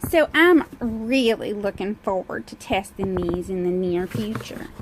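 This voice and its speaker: A woman's voice: medium pitch, lively intonation, measured pace, slight background noise, pitched below the performer's own voice, close to an everyday voice, rough recording. A woman voicing a fancy, syrupy Southern lady with a Southern accent and a sweet, exaggerated drawl, recorded on a handheld phone. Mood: mock-gracious. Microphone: cell phone held in hand.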